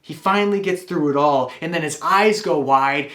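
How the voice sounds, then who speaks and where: A man's voice: a little high, normal speed, hardly any pauses, fairly bright tone, reverberant. A man telling a wry, confessional personal story.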